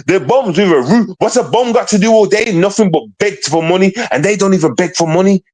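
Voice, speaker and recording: A man's voice: high voice, fairly quick, darkish tone. A man on a casual livestream ranting at online trolls, confrontational and profane, repeating himself often.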